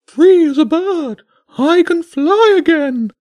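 A man's voice: extremely high pitch, lively intonation, darkish tone, pitched above the performer's own voice, full character voice. A man voicing a plump pigeon who is overjoyed to be flying again, cooing and exclaiming. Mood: ecstatic. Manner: joyful, cooing, drawn-out exclamations.

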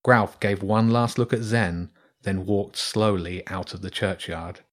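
A man reading a children's storybook aloud in a steady, measured way. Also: deep voice. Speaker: narrator.

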